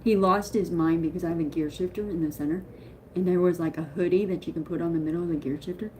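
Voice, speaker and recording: A woman chatting on a live stream in a rambling, excitable way, greeting viewers as she talks. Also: fairly low pitch, fast talker, a little hiss or hum. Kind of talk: casual live-stream chat.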